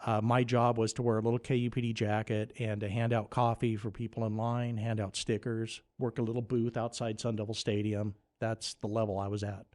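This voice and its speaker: Animated storytelling man. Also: lowish voice, fairly quick, few pauses. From Nevada. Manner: animated, rising to excited near-shouts when telling the punchlines. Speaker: radio host guest. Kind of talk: casual storytelling.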